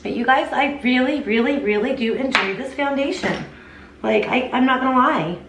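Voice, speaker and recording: This beauty vlogger, a young woman with a high-pitched voice, reviews makeup casually at a moderate pace, chatting enthusiastically and speaking straight to her audience as "you guys." She sits far from the mic, slightly off-axis, in an echoey room with faint hiss.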